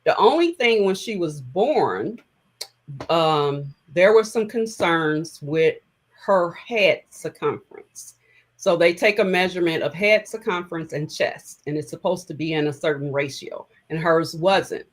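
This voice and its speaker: A middle-aged woman, a guest in an interview, recounting personal memories in a reflective, heartfelt way with halting phrases. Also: fairly low pitch, lively intonation, rough recording.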